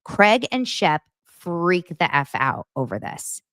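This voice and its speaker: A woman in her thirties hosts a casual recap show, gushing and animated with plenty of fillers. Her voice sits low but swings widely. The sound is close and dry. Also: slow, no room sound. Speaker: podcast host recapping reality TV. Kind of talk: casual chatty commentary.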